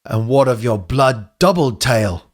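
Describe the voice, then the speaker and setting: A man puts on a solemn old echidna sage from a comic read-aloud, speaking in a hammy, put-on mix of Australian and Brooklyn. He booms his pronouncements with grand, mysterious weight. The delivery swings lively and theatrical. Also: unhurried. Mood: grandiose. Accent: put-on Australian with a hint of Brooklyn.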